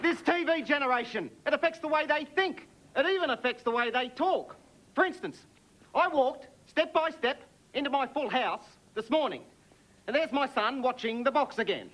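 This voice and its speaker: A man's voice: very high voice, expressive, normal speed, fairly bright tone. A man delivering a punning stand-up routine as a talent show contestant. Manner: punning patter.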